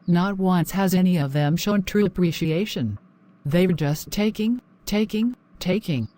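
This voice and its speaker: A woman's voice: lowish voice, expressive, measured pace, mellow. A woman voicing a worried wife who quotes scripture and frets that her husband is being used. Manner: anxious, quoting scripture. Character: worried wife of a generous man.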